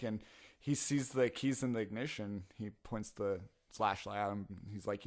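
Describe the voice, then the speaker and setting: A man's voice: on the low side, moderate pace. A young man telling stories in a casual podcast chat, swearing and laughing often. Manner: animated storytelling, swears and laughs a lot. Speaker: podcast co-host.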